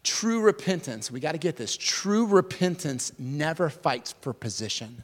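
A man preaching a sermon in a lively, casual way, with slang and sudden swings from loud to hushed. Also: on the high side, measured pace. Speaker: pastor. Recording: long reverb of a large hall.

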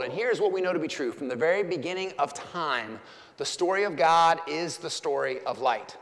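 A male pastor preaching in a fairly high voice, building each point with emphatic, rhythmic repetition. He sounds like a storyteller, and his voice hangs in the long reverb of a large church sanctuary. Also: lively intonation, moderate pace, fairly bright tone. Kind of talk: sermon.

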